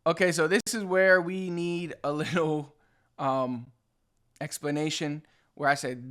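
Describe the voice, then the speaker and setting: A Dominican-born man hosts a relaxed video lesson in a slightly high voice. His delivery is loose and chatty, full of casual fillers as he explains things. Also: unhurried. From Dominican Republic. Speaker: Spanish teacher and channel host.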